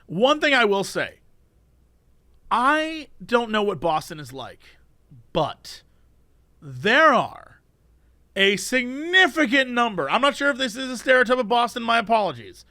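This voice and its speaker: A man co-hosting a podcast, ranting and telling stories in an animated casual chat. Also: extremely high pitch, a little slow, pauses often, no echo, studio quality. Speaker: podcast co-host.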